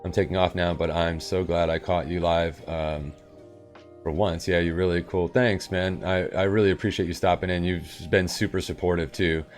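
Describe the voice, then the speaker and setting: A man's voice: sits low, fairly even intonation, moderate pace, faint music behind. A man live-streaming and chatting casually with viewers, rambling and upbeat in his morning voice. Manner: rambling and upbeat, with sudden loud bursts.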